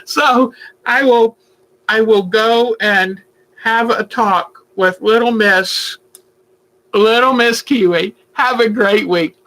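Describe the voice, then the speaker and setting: Slow, bright-voiced chatty woman. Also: a little high, low-quality recording. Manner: chatty, talks baby talk to her pet bird. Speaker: quilting channel host. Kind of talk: casual livestream chat with viewers. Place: at home, indoors.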